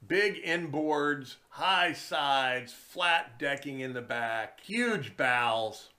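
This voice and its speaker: A man with a mid-pitched voice tells stories at an unhurried, drawn-out pace. His delivery is chatty and wry, like a charter captain spinning yarns. He speaks from a room indoors. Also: expressive, pushed and bright. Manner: slow, chatty, wry storytelling. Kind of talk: casual storytelling vlog.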